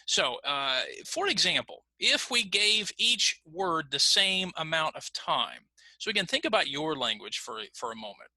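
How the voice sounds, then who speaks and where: Man, middle-aged, ESL teacher, patient explaining, animated pitch, slightly high voice. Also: no room sound. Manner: patient explaining, lively intonation. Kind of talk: recorded online lesson.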